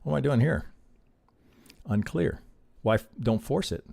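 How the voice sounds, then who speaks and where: A man's voice: mid-range voice, lively intonation, unhurried, creaky, dark tone, no room sound. A man teaching on a live stream as he reviews trading charts, thinking aloud and checking in with a constant "right?". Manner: peppers talk with rhetorical questions and "right?".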